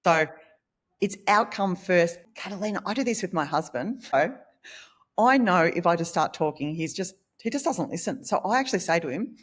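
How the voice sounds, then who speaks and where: Low-voiced woman trainer, lively anecdotes. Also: moderate pace, breathy edge. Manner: animated storytelling with acted-out quotes. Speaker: guest, workplace communication trainer. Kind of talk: conversational interview.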